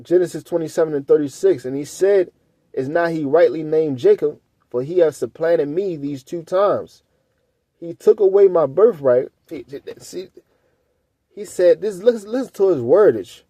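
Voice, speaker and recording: Mellow-voiced man teaching scripture casually. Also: a little high, moderate pace, no echo. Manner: reads verses aloud, then comments in loose, blunt asides, often tagging "right?". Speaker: Bible teacher.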